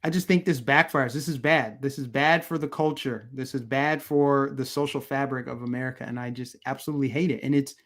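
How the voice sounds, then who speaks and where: A man's voice: medium pitch, fairly even intonation, fairly quick, hardly any pauses, a bit bright. A man hosting political commentary on a live stream, ranting in a heated, emphatic, repetitive way and answering his chat.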